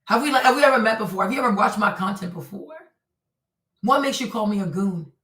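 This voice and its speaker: Woman streamer, heated live-stream rant, bright voice a little off-mic in an echoey room. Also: medium pitch, fast talker, recorded from a distance. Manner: indignant, repetitive rhetorical questions.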